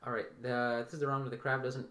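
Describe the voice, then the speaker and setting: A man running a tabletop game as dungeon master, casual and blunt, swearing freely and narrating misses with deadpan sound effects. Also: medium pitch, fast.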